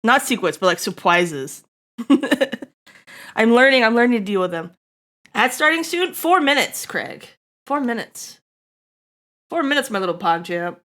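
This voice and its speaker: A woman streaming live, chatting to her viewers in an excitable, giggly way. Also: fairly high pitch, measured pace, pauses often. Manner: excitable, giggly, talks straight to chat.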